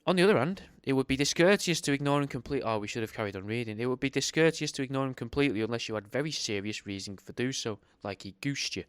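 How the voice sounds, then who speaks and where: Young male host, sarcastic reader who swears freely; smooth voice, dry close recording. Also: medium pitch, expressive, quick pace, few pauses, dry recording. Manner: sarcastic, swears a lot, rambling asides. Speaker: host reading a book aloud. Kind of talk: reading aloud with off-the-cuff commentary.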